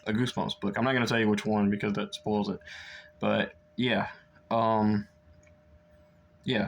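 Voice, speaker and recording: Young guy reviewing a book, kinda low voice, lots of ums and likes, loose and chatty. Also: vocal fry, slight background noise. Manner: rambling, many fillers and restarts. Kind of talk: casual book review chat.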